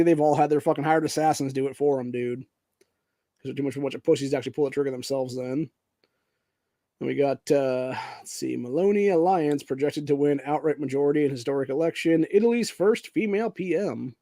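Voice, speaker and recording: A podcast host from Ohio, USA, runs a casual political show where he rants angrily, swears heavily and calls everyone "dude." His mid-range voice is a little fast and dark in tone, recorded dry.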